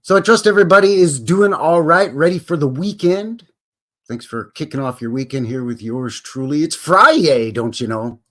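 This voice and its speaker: A man's voice: fairly high pitch, animated, moderate pace, bright, forceful tone. Folksy Canadian man hosting a live stream. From Alberta, Canada. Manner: rambling, folksy, greets viewers by name. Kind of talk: casual live-stream chat.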